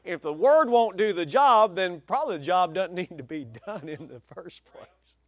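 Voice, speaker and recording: A man's voice: high voice, expressive, normal speed. A male pastor preaching a sermon with emphatic stress, folksy asides and changing pace.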